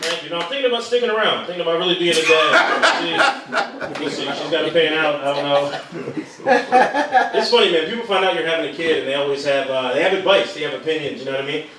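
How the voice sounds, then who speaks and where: A man's voice: fairly high pitch, quick pace, noisy background. A man doing a stand-up routine on a comedy club stage, joking and ranting with mock anger. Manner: lively, joking, mock-angry rants. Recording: echoey room, distant mic, loud crowd.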